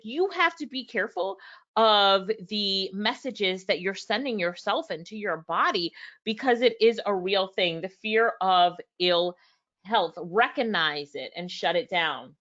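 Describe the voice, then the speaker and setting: A woman's voice: mid-range voice, fairly bright tone, dull audio. A woman reviewing a book live, reading passages aloud and talking straight to her viewers, acting out both sides of past conversations. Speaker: book reviewer and business owner.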